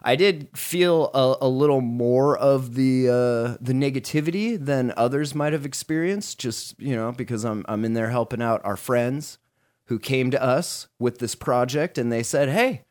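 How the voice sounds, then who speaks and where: A man's voice: medium pitch, moderate pace, a little mellow. A man hosting a casual podcast, rambling and joking with frequent restarts and some swearing. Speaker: podcast host.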